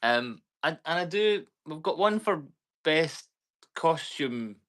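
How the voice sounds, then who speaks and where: Scottish man, podcast co-host, bright forceful tone, rambling, casual. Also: a little high, takes it slowly. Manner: rambling, animated storyteller. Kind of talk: casual chat.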